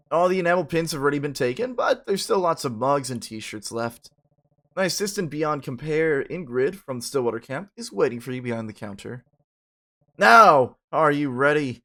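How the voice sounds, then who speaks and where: A man doing a booming mystic showman. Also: animated, normal speed. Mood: booming, grand. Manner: loud, theatrical crowd-rousing delivery. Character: boisterous male mystic showman, hearty and grand. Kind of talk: reading game dialogue aloud.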